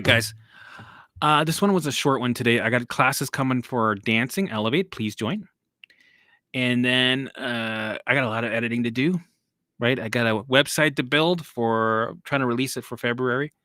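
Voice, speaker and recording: A man's voice: medium pitch, pushed and bright, no room sound, studio quality. A man hosting a casual live stream, chatting loosely and answering viewer comments.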